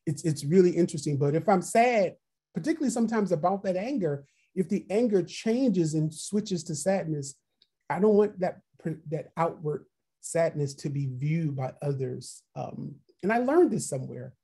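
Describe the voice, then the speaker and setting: Speaking in an animated, husky, dark-toned mid-range voice at a moderate pace, a workshop trainer runs an online training session on a video call. They ask reflective questions, say them again, and read out what participants type in the chat.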